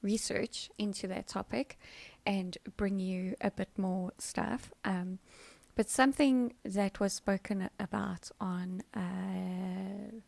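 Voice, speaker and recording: A woman's voice: mid-range voice, steady tone, slow, vocal fry, a little mellow, no echo. A middle-aged woman, hosting a casual livestream chat, rambling and laughing with fillers. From South Africa. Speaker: livestream host.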